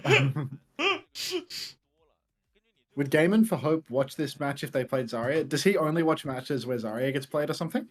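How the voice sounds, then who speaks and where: A man's voice: mid-range voice, moderate pace, pauses often. Dry-humored male esports caster. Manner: dry, offhand jokes, then lively calls. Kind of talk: casual co-casting and play-by-play.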